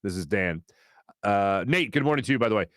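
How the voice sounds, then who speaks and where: Chatty man hosting a lively radio show. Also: on the low side, dry recording, studio quality. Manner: chatty, rambling, reads viewer comments aloud with quick asides. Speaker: sports radio host reading live chat. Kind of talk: casual morning show chat. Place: radio studio. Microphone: studio microphone.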